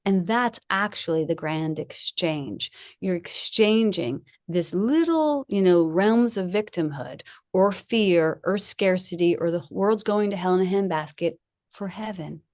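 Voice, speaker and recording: This guest speaker, a middle-aged woman, chats and laughs frequently through the personal stories of her spiritual talk, storytelling in a lively way. Her lowish voice moves a little slowly, with no room sound and studio quality.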